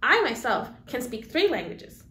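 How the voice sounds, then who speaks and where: A woman's voice: on the high side, big pitch swings, moderate pace, a bit bright. A woman presenting a school news segment, teaching children words in an upbeat call-and-repeat style; Spanish is her first language. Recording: echoey room.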